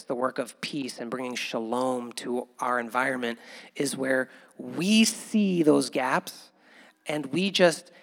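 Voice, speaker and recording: A man preaching a conversational sermon as pastor, chuckling often and building to loud, animated bursts. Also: fairly high pitch, in a large hall.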